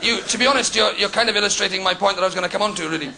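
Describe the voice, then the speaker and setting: A man's voice: sits high, very fast, vocal fry, heavy background noise. A Welsh man doing a stand-up set in a comedy club, ranting with mock indignation at the audience. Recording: live club set with crowd laughter.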